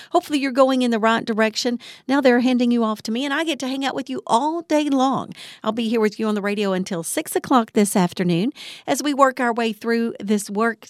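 A woman's voice: fairly high pitch, no echo, studio quality. A woman hosting a midday radio show, chatty and welcoming as she greets listeners. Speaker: radio host. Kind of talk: upbeat radio show opening.

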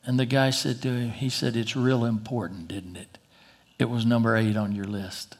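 A man preaching a sermon in a folksy, emphatic way, slowing down for dramatic pauses. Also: mid-range voice, fairly even intonation, husky.

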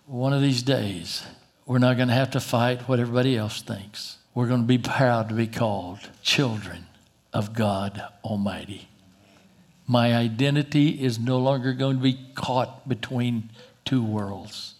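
A man preaching a sermon in a folksy, emphatic way, slowing down for dramatic pauses. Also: mid-range voice.

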